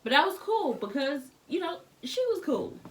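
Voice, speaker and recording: A pregnant woman in her thirties vlogging casually while tidying her bedroom, telling candid, animated stories full of slang. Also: high-pitched, normal speed, far from the mic, slight background noise. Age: 30s. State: pregnant, back aching. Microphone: camera set up across the room.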